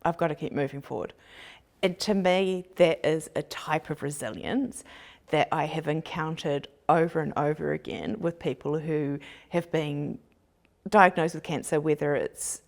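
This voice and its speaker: A woman with a low voice hosts a podcast conversation. Her tone is earnest and reflective, and a gravelly vocal fry runs through her speech. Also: darkish tone. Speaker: podcast host. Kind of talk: casual podcast chat.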